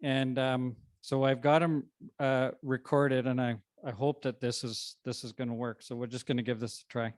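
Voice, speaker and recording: A man, a co-author, speaking at a book launch in an informal, conversational way with frequent pauses and restarts. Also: medium pitch, little pitch movement, no echo, studio quality. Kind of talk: informal presentation to an audience. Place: library event room.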